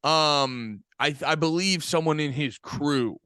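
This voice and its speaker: A man's voice: a little high, measured pace, sharp tone, clean tone, no echo, studio quality. A man co-hosting a podcast in a profane, rambling, sarcastic casual chat. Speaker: podcast co-host.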